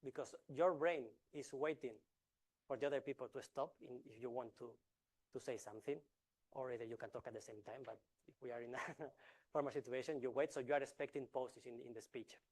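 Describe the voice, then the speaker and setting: Speaking at medium pitch in a steady, darkish tone, this man delivers a lecture-style research presentation. He explains one step at a time, often restarting, pausing on purpose and using filler sounds.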